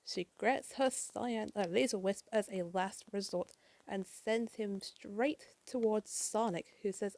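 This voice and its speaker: A woman's voice: mid-range voice, unhurried, a little mellow, no room sound. A woman narrating a comic book issue in a chatty, casual way, with swearing, fillers and side remarks. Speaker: comic reader.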